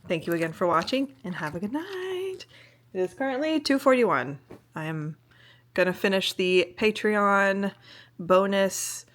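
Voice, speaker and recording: A tired young woman vlogging casually to camera from her bedroom late at night, rambling and now and then dropping to a soft whisper. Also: mid-range voice, animated, measured pace. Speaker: vlogger and streamer. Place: bedroom at home. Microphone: handheld vlog camera.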